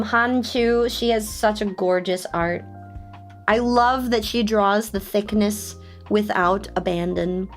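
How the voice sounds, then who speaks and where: A young adult woman chatting casually on a live stream, excitable and often giggling. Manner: giggly and excitable, often breaking into high laughs. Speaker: VTuber streamer. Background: faint background music.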